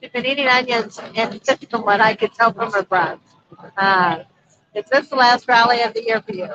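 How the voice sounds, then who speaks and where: A woman's voice: a little high, normal speed, a crowd in the background. A woman co-hosting a casual live stream from a busy street, reading viewer comments aloud and chatting. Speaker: vlog co-host reading live chat. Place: busy street outdoors at a motorcycle rally. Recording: dull lo-fi livestream audio.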